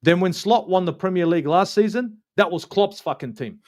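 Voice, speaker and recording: Ranting Australian man, slightly high voice. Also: lively intonation, fairly quick, a little mellow. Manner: ranting, swears a lot, repeats himself for emphasis. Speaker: football channel host. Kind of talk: heated fan match review.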